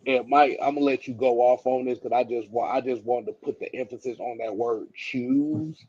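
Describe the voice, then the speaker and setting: A man's voice: mid-range voice, steady tone, normal speed, warm tone, breathy edge, no echo, highs cut off. A man co-hosting a casual live sports talk stream, reading chat comments aloud. He laughs often and repeats words while he gathers his thoughts.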